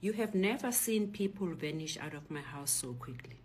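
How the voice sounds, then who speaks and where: A middle-aged South African woman, a Zulu speaker, telling a personal story in a lively way and acting out the other voices. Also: deep voice, normal speed, slight background noise. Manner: animated retelling, acts out voices and shouts.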